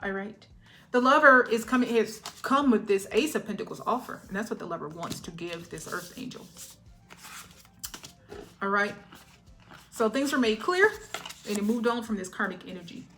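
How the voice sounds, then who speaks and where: A woman's voice: medium pitch, expressive, normal speed, long pauses, pushed and bright, faint music behind. A woman giving a collective tarot reading in a chatty, emotional way, often laughing and checking in with "all right?". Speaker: tarot reader.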